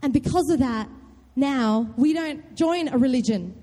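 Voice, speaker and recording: A young woman giving a loud, chatty youth talk, often quizzing her audience. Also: sits high, unhurried. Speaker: youth group speaker. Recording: long hall reverb.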